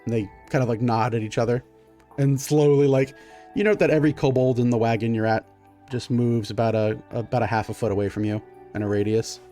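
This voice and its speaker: A man's voice: mid-range voice, steady tone, brisk, dark tone, faint music behind. Easygoing male game master. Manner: loose, filler-heavy narration. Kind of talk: narrating a tabletop game.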